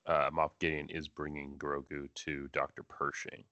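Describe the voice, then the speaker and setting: Very deep-voiced male co-host, lo-fi mic. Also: monotone, normal speed, bright, forceful tone, dry recording. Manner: speculative, builds theories. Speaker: podcast co-host. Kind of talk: casual fan podcast chat.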